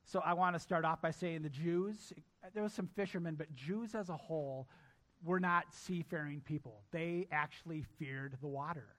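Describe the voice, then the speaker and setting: A man preaching a sermon in a bright, forceful voice, pitched a little above the usual for men. He drives his points home by repeating them and speaking straight to his congregation. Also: normal speed. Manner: emphatic, repeats key lines to a congregation. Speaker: pastor.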